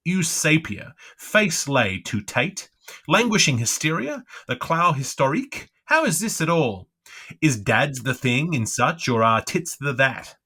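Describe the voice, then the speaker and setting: A man giving an unrehearsed, expressive reading of dense literary prose, with a lilting delivery and occasional stumbles over words. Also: mid-range voice. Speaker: reader.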